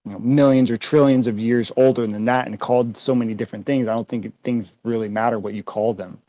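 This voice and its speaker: A man's voice: medium pitch, steady tone, quick pace, mellow, no room sound. Man in casual chat, musing and speculative, dry dull lo-fi sound. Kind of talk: casual conversation.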